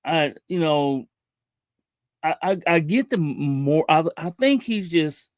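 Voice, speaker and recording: A man hosting a livestream, talking casually in a halting way, often repeating words and restarting his sentences. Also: fairly high pitch, lively intonation, no room sound. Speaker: livestream host.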